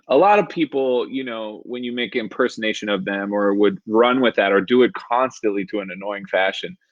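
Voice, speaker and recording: A man's voice: medium pitch, fairly bright tone, no room sound, dull audio. A man in his thirties telling personal stories in a casual, self-deprecating way on a live stream from his home kitchen. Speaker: storyteller. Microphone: phone or webcam on a live stream.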